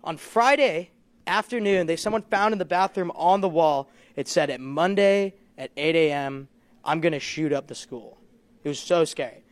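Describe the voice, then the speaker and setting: A man's voice: fairly high pitch, moderate pace, dry recording. A young man performing a stand-up comedy set, telling rambling, self-deprecating stories and laughing along. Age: young adult. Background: audience laughter.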